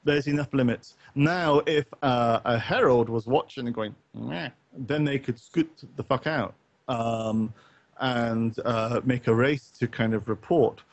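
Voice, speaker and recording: A man's voice: medium pitch, unhurried, no room sound. Guy rambling on a late night stream, lots of ums and restarts, muffled lo-fi mic, dead dry sound. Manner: rambling, many fillers and restarts, casual swearing. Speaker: co-host of a gaming talk stream. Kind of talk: late-night casual chat.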